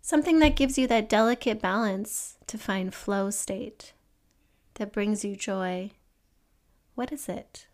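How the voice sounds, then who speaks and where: Woman podcast host, somewhat high voice, earnest and encouraging, reflective solo talk. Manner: earnest, gently encouraging, asks the listener questions; acts out an excited child in a higher voice.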